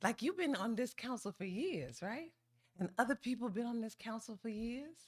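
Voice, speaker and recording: A woman's voice: fairly high pitch, lively intonation, moderate pace. A woman giving an informal public comment at a council meeting, talking in a playful, folksy, teasing way and often drawing out "ooh".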